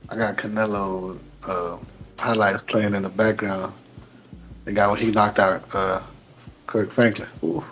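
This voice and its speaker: A man's voice: fairly low pitch, flat delivery, unhurried, fairly bright tone, soft background music. A man co-hosting a podcast, chatting casually and joking about fights in slang. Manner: laughs often, slangy and joking. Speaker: podcast co-host. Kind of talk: casual boxing chat.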